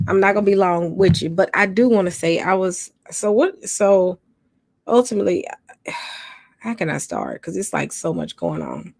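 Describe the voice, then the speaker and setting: A woman's voice: fairly low pitch, darkish tone, no echo. Sleepy woman chatting on a livestream. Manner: sleepy, yawning, chatty with viewers. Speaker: livestream host. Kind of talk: casual late-night livestream chat.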